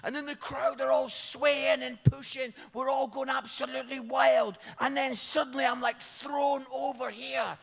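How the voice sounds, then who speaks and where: A Scottish man in his fifties, a pastor telling comic stories in a sermon, animated and tagging his lines with "yeah?". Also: very high-pitched, a little slow, gravelly, hardly any pauses. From Scotland. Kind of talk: sermon storytelling. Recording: reverberant church hall.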